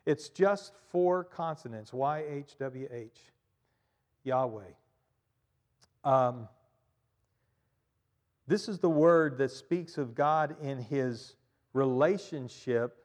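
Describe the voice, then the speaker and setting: A man's voice: on the high side, slow, pauses often. Man preaching in a reverberant hall. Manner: animated, repeats and stresses points, frequent fillers. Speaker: pastor. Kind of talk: sermon.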